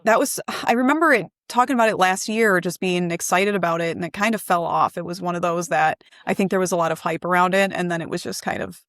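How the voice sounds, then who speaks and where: A woman's voice: lowish voice, fast, hardly any pauses, fairly bright tone, dry recording, studio quality. A woman co-hosting a movie podcast in casual chat, chatty and playful. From Michigan. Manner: chatty, playful, easily laughing. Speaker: podcast co-host.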